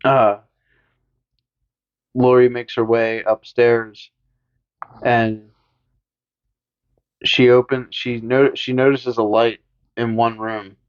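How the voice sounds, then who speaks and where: A man in casual podcast chat walks through a movie scene by scene, mid-pitched and easygoing. His retelling is loose and profane. The audio is a bit dull and lo-fi. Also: flat delivery, takes it slowly, long pauses, clean tone. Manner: profane, jokey retelling with squeaky put-on voices for characters. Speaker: podcast co-host.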